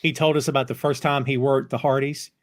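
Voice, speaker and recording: A man hosting a casual podcast chat who tells animated anecdotes. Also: mid-range voice, a little fast. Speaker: podcast host.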